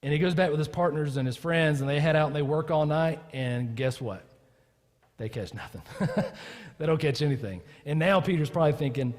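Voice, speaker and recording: A man preaching from the pulpit, telling his story with animated energy and slipping into the voices of the people he quotes. His voice sits a little high for a man. A long church reverb trails behind every phrase. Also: brisk. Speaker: pastor. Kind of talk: sermon.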